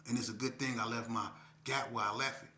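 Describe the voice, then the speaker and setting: A middle-aged man from Las Vegas spins a tense street story with a very bright, sharp edge to his voice. He talks casually and animatedly, jumping into high-pitched shouts when he acts out what people said. The sound carries a roomy echo. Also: fairly even intonation, fast, slight background noise. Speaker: guest telling his life story. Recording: echoey room.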